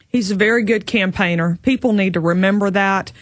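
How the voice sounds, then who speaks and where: A woman's voice: mid-range voice, brisk, dry recording. A woman political candidate from Texas answering interview questions in an assertive, speech-like manner.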